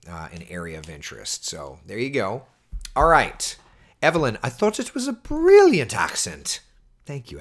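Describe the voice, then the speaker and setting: A man, a TV meteorologist, chatting casually on a livestream and answering viewer questions. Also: on the low side. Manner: chatty, animated, reads viewer comments aloud.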